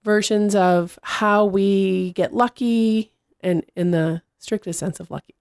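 A woman in casual conversation, telling animated stories and acting out what people said. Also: mid-range voice, slow, no room sound, clean studio sound. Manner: animated storyteller, acts out quotes.

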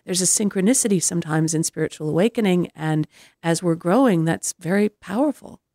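A woman's voice: on the low side, animated, brisk, mellow, dry recording, studio quality. A woman interviewer asking thoughtful questions and musing on spiritual ideas.

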